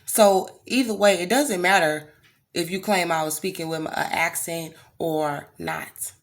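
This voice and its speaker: Gravelly, indignant American woman ranting. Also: sits low, steady tone, unhurried, a bit bright. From United States. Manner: blunt, profane, indignant. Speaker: vlogger. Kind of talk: impassioned direct-to-camera rant.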